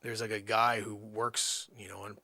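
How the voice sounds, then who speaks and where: A man hosting a livestream, telling a rambling comic story and swinging from low mutters to loud outbursts. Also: little pitch movement, moderate pace, no echo. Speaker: livestream host.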